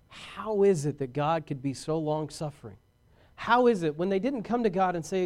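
Brief: male pastor, sermon, high-pitched, calls for amens, booms then drops to a hush. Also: moderate pace. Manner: swings between loud exhortation and hushed earnest talk.

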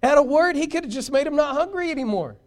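A man preaching a sermon as pastor, swinging from shouted points to hushed asides and talking directly to his congregation. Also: very high-pitched, lively intonation, quick pace.

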